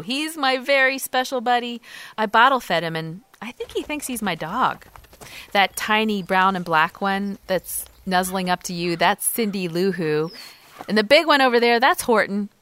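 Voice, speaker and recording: Woman, middle-aged, expressive pitch, sharp bright tone, casual farm-walk chat. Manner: lively, calls loudly to her goats. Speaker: podcast co-host. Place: outdoors on a farm.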